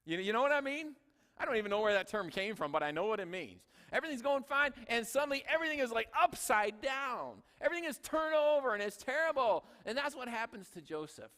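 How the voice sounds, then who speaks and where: High bright-voiced male pastor preaching. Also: very animated, fast, long reverb tail. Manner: conversational, joking asides. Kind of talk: sermon. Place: church sanctuary.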